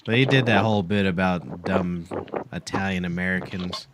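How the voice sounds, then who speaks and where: A man co-hosting a casual podcast chat over a video call, crude and jokey, sometimes dropping into loud mock voices. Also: low-pitched, normal speed, background noise. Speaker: podcast co-host.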